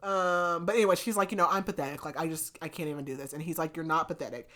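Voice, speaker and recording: Podcast host, young woman, lower-pitched, chatty recap style with constant fillers. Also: fairly even intonation, quick pace, pushed and bright. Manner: chatty, filler-heavy retelling with lots of "like". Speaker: book review podcast host. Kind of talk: casual book recap.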